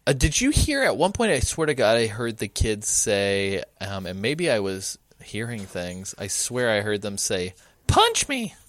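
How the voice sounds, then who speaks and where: A casual male podcast host with a fairly low voice, recorded dry and close at a home computer setup. He talks loosely and animatedly, swearing now and then. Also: lively intonation, moderate pace, few pauses, dry recording. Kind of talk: casual chat.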